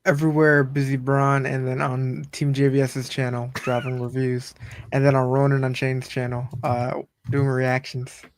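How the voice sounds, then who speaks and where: A man's voice: mid-range voice, little pitch movement, moderate pace. A man appearing as a guest reviewer on a podcast livestream, speaking briefly and matter-of-factly. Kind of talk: casual livestream chat.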